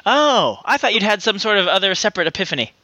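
A man's voice: high voice, fast, dry recording. A man hosting a podcast he also edits, teasing and telling stories with lots of laughter in casual chat. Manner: laughing, teasing, animated storytelling. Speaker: podcast host and editor.

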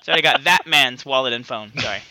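A man co-hosting a comedy podcast, reading listener jokes in an animated, playful way. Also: medium pitch, a little fast, dry recording, low-quality recording. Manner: animated, playful, slips into silly voices. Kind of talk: casual comedic banter.

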